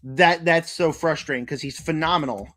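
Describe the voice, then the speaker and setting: A man's voice: a little high, normal speed, a bit bright. A young man reviewing horror movies in a casual vlog, talking in a rambling, emphatic way full of fillers, his voice now and then cracking. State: voice cracking, throat-clearing.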